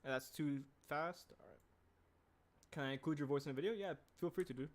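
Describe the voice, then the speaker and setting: A young man chatting casually on a livestream while he animates, rambling and reading chat aloud, clearing a throat that keeps tickling. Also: fairly high pitch, a little fast. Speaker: animator streaming his work.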